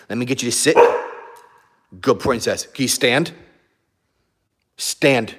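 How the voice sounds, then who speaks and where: A man's voice: medium pitch, slow, fairly bright tone. A man hosting a live stream, chatting casually with viewers and laughing often while he plays with and talks to his dogs. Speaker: YouTube live stream host.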